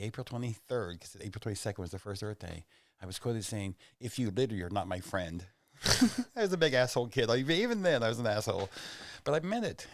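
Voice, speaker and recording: A man's voice: mid-range voice, no room sound. A man from Oklahoma, a comedian guest on a podcast, telling rambling self-mocking stories and jokes in a studio. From Oklahoma, USA. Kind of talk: casual storytelling and joke-telling.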